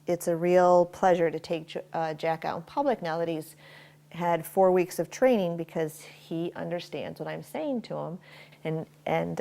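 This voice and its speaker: Gravelly low-voiced woman dog trainer. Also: a little mellow. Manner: explains to viewers between short firm commands to a dog. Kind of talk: instructional dog training demonstration. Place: inside a house.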